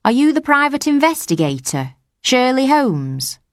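A woman's voice: high-pitched, very animated, a little slow, dry recording, pitched above the performer's own voice, full character voice. A woman voicing a worried, tearful mother of about forty, pleading and close to tears in an audiobook story. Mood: anxious.

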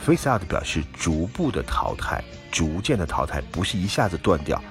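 Deep-voiced man explaining English phrases. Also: moderate pace, soft background music. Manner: explanatory, steady. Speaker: English teacher. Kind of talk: language lesson narration.

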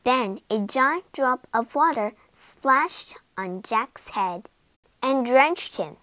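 A woman narrating a children's storybook in an expressive, dramatic way. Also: on the high side, takes it slowly, dry recording.

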